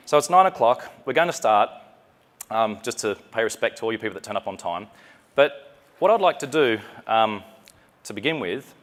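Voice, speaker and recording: A man's voice: fairly low pitch, fairly bright tone. Joking Australian man presenting. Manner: joking, chatty, self-deprecating. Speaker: conference presenter. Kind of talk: live conference talk. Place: conference session room.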